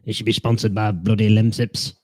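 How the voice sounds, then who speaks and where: A man's voice: lowish voice, little pitch movement, fairly quick, darkish tone, no room sound. A man hosting a live football watchalong stream, chatting in a joking, self-deprecating way and teasing his viewers. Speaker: fan channel host.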